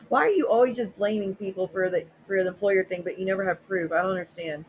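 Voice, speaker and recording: A woman's voice: mid-range voice, fairly quick, dull audio, slight background noise. A woman hosting a casual livestream, reading viewer messages aloud and reacting bluntly and sarcastically, with frequent swearing. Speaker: livestream host.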